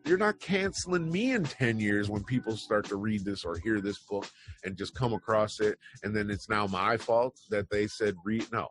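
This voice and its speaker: A man's voice: fairly low pitch, moderate pace. Rambling opinionated man hosting news chat. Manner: rambling, opinionated, wry asides. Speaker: news show host. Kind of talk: casual commentary on news headlines.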